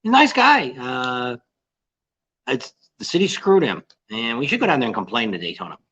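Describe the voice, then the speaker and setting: A man's voice: mid-range voice, big pitch swings, moderate pace, bright, forceful tone. An older man chatting casually on a livestream with his wife, joking, teasing and rambling on a dull, lo-fi recording. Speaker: co-host.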